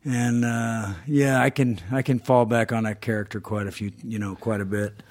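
A middle-aged man with a soft Southern drawl talks at an easy, unhurried pace. His pitch sits in the middle of the male range, and he laughs easily between stories. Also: little pitch movement. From Georgia, US. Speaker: guest actor. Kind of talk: casual podcast chat.

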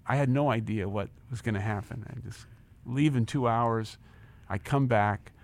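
A man in his sixties with a medium-pitched voice and vocal fry speaks at a moderate pace. Once a company chief, he's being interviewed and tells a personal story energetically, acting out dialogue and repeating words when excited.

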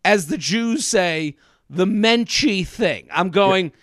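A man in his thirties hosting a podcast, telling a comedic story in an animated way and acting out other people's lines. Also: sits high, slow pace, no room sound, clean studio sound. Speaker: podcast host. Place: studio.

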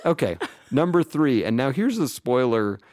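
A middle-aged man co-hosting a casual comedy podcast, wry and enthusiastic, quick to laugh. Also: mid-range voice, big pitch swings, darkish tone, slight background noise. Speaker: podcast co-host.

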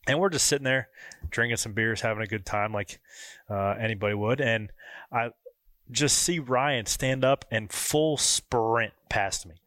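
A man's voice: mid-range voice, unhurried, a bit bright, dry recording, clean studio sound. A man hosting a podcast in casual chat, joking and telling a story with frequent laughter. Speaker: podcast host.

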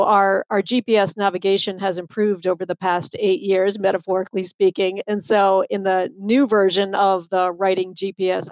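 A woman's voice: mid-range voice, no room sound, highs cut off. A woman author with a faint Boston accent, talking animatedly with lots of fillers in a podcast interview. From Boston area. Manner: animated, chatty, many fillers. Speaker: author and guest.

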